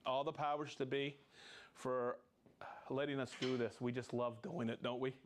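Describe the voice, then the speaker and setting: A man's voice: medium pitch, fairly even intonation, moderate pace, a little hiss or hum. A man hosting a live product show in casual chat, jovial and chatty, reading out viewer names and laughing often.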